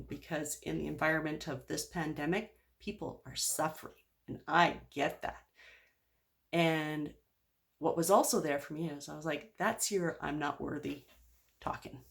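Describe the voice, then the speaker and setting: A woman's voice: low-pitched, gravelly, a bit bright. A woman speaking candidly in a personal video diary, open and rambling with lots of fillers. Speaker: vlogger.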